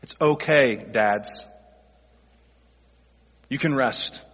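A man's voice: mid-range voice, very slow, fairly bright tone, slightly rough. Man preaching in an echoing hall. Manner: earnest, conversational preaching that addresses groups in the congregation. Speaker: pastor. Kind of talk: sermon. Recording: dull sound with long hall reverb.

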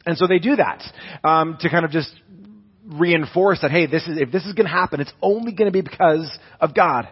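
A man's voice: a little high, fairly quick, breathy edge, highs cut off. A young man, a pastor, preaching a sermon in a conversational storytelling way, with many restarts.

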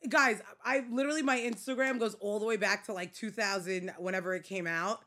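A woman with a Staten Island New York accent, co-hosting a casual podcast chat in an animated, laughing, exclamatory way. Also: mid-range voice, fairly quick. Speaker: podcast co-host.

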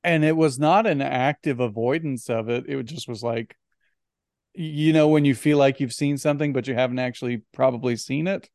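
Rich: A man co-hosting a casual film podcast, talking in a smooth, resonant voice. The sound is dry and close, with no room around it. He is animated and often stumbles and restarts his words. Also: medium pitch, a little fast, no echo. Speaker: podcast co-host.

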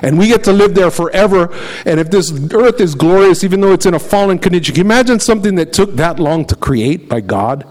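Middle-aged guy preaching, slightly high voice, chatty sermon, reads scripture and tells stories. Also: quick pace, low-quality recording. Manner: conversational preaching, reads scripture aloud, animated storytelling. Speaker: pastor.

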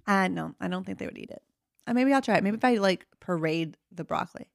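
A woman in her thirties co-hosting a podcast, chatting fast and poking fun at herself. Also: lowish voice, animated, vocal fry, no echo, clean studio sound. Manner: chatty, fast, self-mocking. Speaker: podcast co-host. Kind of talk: casual chat.

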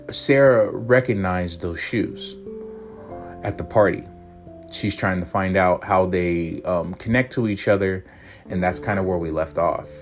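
A man hosting a podcast, reading a serialized story aloud in a relaxed way with fillers. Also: low voice. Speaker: podcast host and story reader. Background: guitar music.

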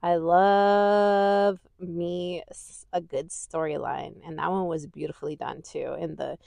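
A woman's voice: fairly low pitch, slow pace, gravelly, dry recording. A woman hosting a casual podcast, chatty and rambling, swearing freely and laughing easily as she gushes. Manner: laughs easily, gushing and animated. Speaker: podcast host. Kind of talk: casual chat.

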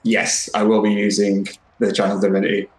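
A man playing in a tabletop game, chatting in a relaxed, laughing way. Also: fairly low pitch, fairly quick, roomy sound, rough recording. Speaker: player. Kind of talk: casual tabletop game play.

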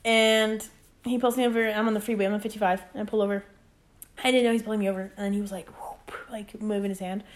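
A woman's voice: medium pitch, level tone, quick pace. Chatty young woman telling stories. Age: 20s. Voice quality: chatty, peppered with "like" and acted quotes. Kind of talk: casual chat.

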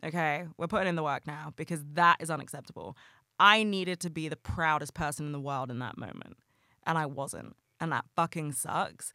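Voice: mid-range voice, a little fast, sharp tone, no echo, studio quality. A young adult host talking casually and passionately on a solo podcast, swearing freely and rambling with lots of fillers.

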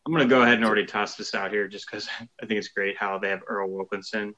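Casual podcast co-host, male, eager and giggly, bright edge to his voice. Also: fairly low pitch, steady tone, quick pace, muffled recording. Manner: laughs often, quotes movie lines eagerly. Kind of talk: casual movie chat.

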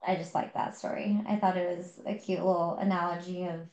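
A woman's voice: fairly low pitch, little pitch movement, brisk, darkish tone, echoey room, poor audio. A woman co-hosting a podcast, chatting casually about a book with lots of fillers and restarts. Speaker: podcast co-host. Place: home.

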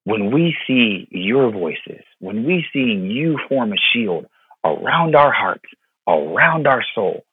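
With a fairly low, slightly rough voice, a pastor in his thirties from Florida tells a personal story on a podcast at a slow pace but very animatedly. He comes across earnest and heartfelt, repeating words and using plenty of fillers, and the phone-line recording is dry and tinny with no room sound.

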